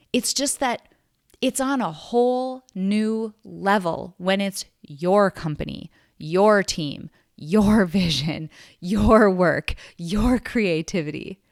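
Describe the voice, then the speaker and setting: A woman's voice: mid-range voice, dry recording, studio quality. A woman hosting a solo podcast, talking in an earnest, reflective way with emphatic stresses. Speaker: podcast host.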